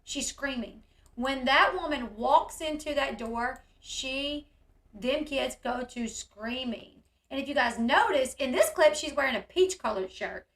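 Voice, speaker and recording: A woman hosting casual commentary on a video, talking in an animated way and acting out the yelling she describes. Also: sits high, unhurried, reverberant. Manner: animated, reacts loudly, acts out quoted yelling. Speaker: commentary host.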